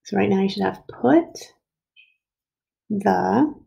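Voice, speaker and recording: A woman's voice: mid-range voice, gravelly, mellow, slightly rough. Patient woman teaching young writers. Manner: slow, patient, stretches out word sounds. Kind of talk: early reading and writing lesson.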